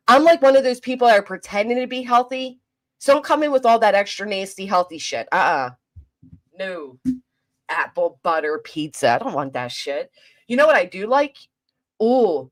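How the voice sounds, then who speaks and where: A medium-pitched woman with a South Jersey accent hosts a casual livestream, chatting with viewers and reading their comments. Her delivery is fast, clipped, profane and teasing.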